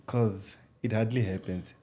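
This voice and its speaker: A man's voice: fairly low pitch, steady tone, unhurried, mellow. A man hosts a podcast from a studio. His talk is loose and playful, and he slides between English and Tshivenda as he jokes with his co-host. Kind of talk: casual chat.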